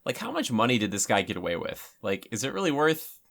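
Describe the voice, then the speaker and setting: A man's voice: mid-range voice, big pitch swings, quick pace, gravelly, fairly bright tone. A man giving casual commentary over a film, chatty and rambling, with lots of filler words.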